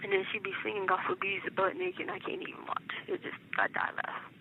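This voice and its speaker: A sleepless, hyper middle-aged woman gossips on a jail phone, doing little voices for the people she quotes. The line is thin and phone-like with faint hiss. Her voice has a gravelly edge. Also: medium pitch, sing-song, fast. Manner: chatty storyteller, acts out the people she quotes. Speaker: inmate on a jail phone call. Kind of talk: casual phone chat.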